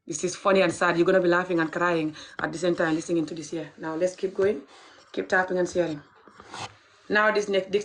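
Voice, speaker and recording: A woman's voice: lowish voice, a little hiss or hum. Woman in an impassioned vlog. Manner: switches between English and local language, repeats phrases, urges viewers to share. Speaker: video commentator. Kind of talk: casual commentary vlog.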